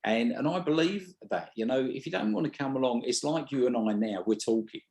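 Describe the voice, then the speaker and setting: Brief: British-accented stage hypnotist, mid-pitched, blunt and chatty. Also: male voice, fairly quick, gravelly, a little mellow. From Britain. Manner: blunt, swears freely, restarts mid-sentence. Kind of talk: casual interview chat.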